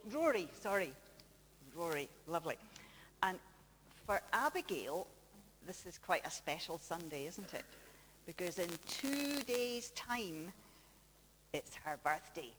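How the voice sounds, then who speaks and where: A woman giving a chatty children's talk in church, gently teasing the kids and telling a story while projecting her voice without a microphone. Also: on the low side, sing-song, measured pace, pauses often, a little hiss or hum. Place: large church. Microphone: faulty microphone, then no mic, projecting her voice. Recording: echoey church with long reverb.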